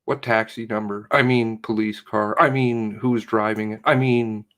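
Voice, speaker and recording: A man's voice: lowish voice, fairly even intonation, normal speed, a bit bright. A man giving rambling, profane commentary while reading through material, muttering to himself and then flaring up. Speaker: independent online investigator.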